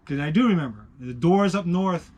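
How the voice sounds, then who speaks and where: Man, New York accent, casual storytelling, swaggering and profane, slightly higher voice. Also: animated, normal speed. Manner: swaggering, profane, emphatic, swings from loud to hushed.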